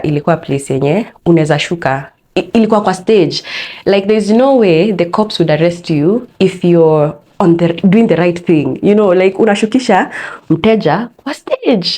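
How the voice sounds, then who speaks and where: A young Kenyan woman speaks in a slightly low voice, hosting her own podcast. She tells a personal story in an open, candid way and leans into the telling. The voice sits a bit lower than most women's. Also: dark tone. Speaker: podcast host.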